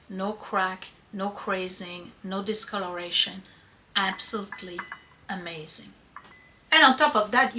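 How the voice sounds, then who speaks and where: A woman shows her vintage shop wares to viewers in a casual, admiring way. Her voice sounds bright and crisp, and she talks in an easy, chatty manner. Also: mid-range voice, poor audio. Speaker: vintage shop owner showing items. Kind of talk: casual product showcase.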